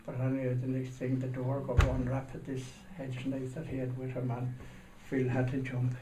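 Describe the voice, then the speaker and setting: A man's voice: mid-range voice, monotone, normal speed. Rambling man telling a story. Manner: rambling storyteller, acting out shouting voices. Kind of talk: telling a comic anecdote. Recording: echoey room, mic far off, noisy.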